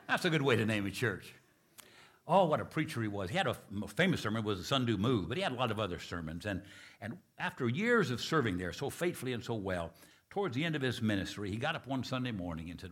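A man preaching a sermon, telling stories in a folksy, animated way that swings from loud exclamations to hushed tones. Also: mid-range voice, brisk, breathy edge. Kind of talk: sermon with storytelling.

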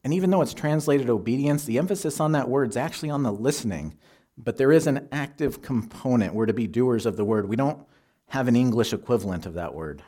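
A man preaching a sermon, teaching in a measured, earnest way and quoting scripture. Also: medium pitch, animated, mellow.

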